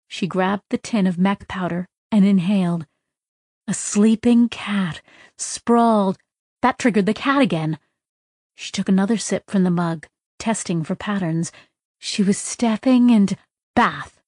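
Woman reading an audiobook, steady storytelling, dry mic. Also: mid-range voice, a little slow, no echo. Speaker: narrator. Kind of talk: audiobook narration.

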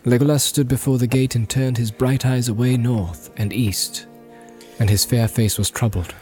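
A man narrating an audiobook in a steady, measured way. His voice is mellow and warm, with faint music playing behind him. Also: mid-range voice. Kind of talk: scripted narration.

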